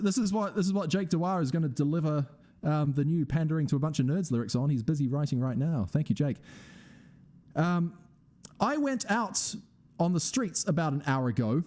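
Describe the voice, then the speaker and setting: A man performing rowdy, irreverent comic songs and joking with a virtual audience between them, with shouted singalong calls. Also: on the high side. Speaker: comedy musician performer. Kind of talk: comic song performance with guitar. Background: own guitar accompaniment.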